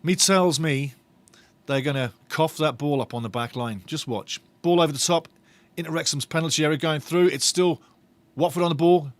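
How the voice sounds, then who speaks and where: A man giving excited live match commentary as a fan on a watch-along stream, animated, repeating his phrases and laughing often. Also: on the high side, a little fast.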